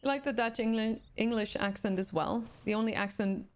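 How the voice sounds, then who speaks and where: A woman's voice: on the high side, a little fast, hardly any pauses. Swedish woman chatting with stream viewers. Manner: reads viewer comments aloud and answers them chattily. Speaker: game streamer. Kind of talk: casual chat with live viewers.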